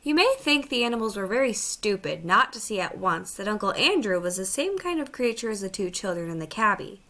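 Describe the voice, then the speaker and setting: Bright, lively woman reading a storybook. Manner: expressive, voices animal characters with raised pitch. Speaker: audiobook reader. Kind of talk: storybook narration.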